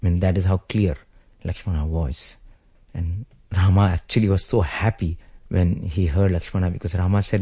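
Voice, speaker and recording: A man giving a devotional talk, retelling scripture stories in an earnest, deliberate way. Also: sits low, steady tone, mellow, breathy edge, lo-fi sound. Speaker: spiritual speaker. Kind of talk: devotional sermon with storytelling.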